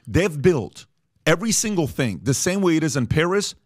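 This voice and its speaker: A man's voice: on the high side, big pitch swings, moderate pace, dry recording. A man hosting a studio talk show, speaking casually and animatedly, repeating himself for emphasis with many fillers. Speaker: podcast host.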